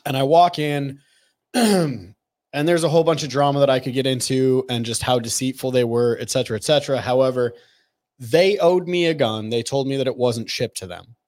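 Animated man telling gun store stories. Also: mid-range voice, normal speed. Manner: animated, profane, quotes people in their voices. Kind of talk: casual storytelling chat.

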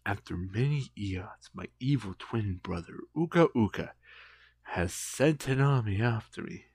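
A man voicing a wise ancient male spirit who speaks low, hushed and solemn. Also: expressive, measured pace, husky, no echo, studio quality, full character voice.

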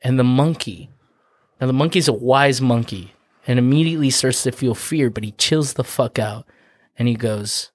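A man's voice: mid-range voice, moderate pace, no echo, clean studio sound. A man casually retelling a folk tale on a podcast, swearing freely and acting out the characters' lines. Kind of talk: casual storytelling with crude humor.

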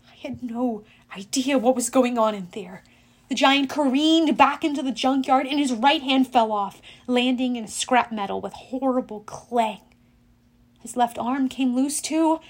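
A woman reading an audiobook aloud, telling an action story with dramatic, expressive delivery. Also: a little slow. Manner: expressive, dramatic reading with loud shouted lines and hushed low ends. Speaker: audiobook narrator. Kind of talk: audiobook narration.

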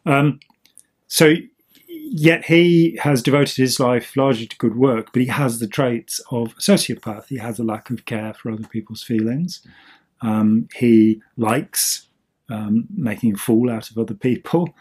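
A man's voice: mid-range voice, measured pace, a little mellow, husky. A man co-hosting a podcast, explaining in a rambling casual chat full of ums and restarts. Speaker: podcast co-host.

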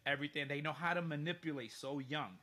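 A man telling a story in casual chat, animated and profane, often laughing mid-sentence. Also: a little high, quick pace. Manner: animated, profane, laughs through his stories.

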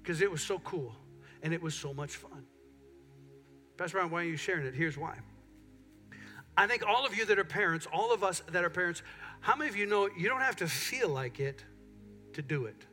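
A man's voice: high voice, brisk, pauses often, soft background music. A middle-aged man preaching a sermon in a church, telling stories and acting out what people say. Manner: animated storytelling, acts out quotes. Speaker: pastor. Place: church sanctuary.

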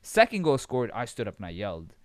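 A young man from Abu Dhabi tells a lively, expletive-laden story in casual podcast chat. His voice is smooth and resonant, and his pitch leaps up when he gets carried away. The recording is dry and close. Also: a little fast, dry recording. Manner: animated, swearing, laughs while telling stories.

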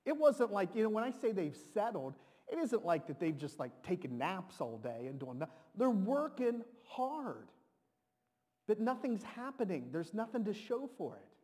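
Male preacher, high pitch, animated and repetitive delivery, reverberant sanctuary. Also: normal speed. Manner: animated, repeats words, shouts to dramatize. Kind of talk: sermon. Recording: long reverb of a large hall.

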